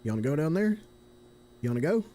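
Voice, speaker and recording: A man's voice: fairly high pitch, very animated, fast, mellow, slight background noise, pitched above the performer's own voice. A man voicing a teasing Appalachian redneck guy with an Appalachian accent, in a drawling, repetitive way. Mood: goading. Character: Appalachian male redneck goading someone.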